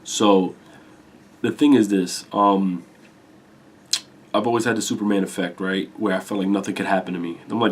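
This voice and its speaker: A man in his twenties with a congested voice and low energy, talking candidly to camera in a rambling, confessional way and swearing casually. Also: fairly even intonation, moderate pace, pauses often. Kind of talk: candid personal talk.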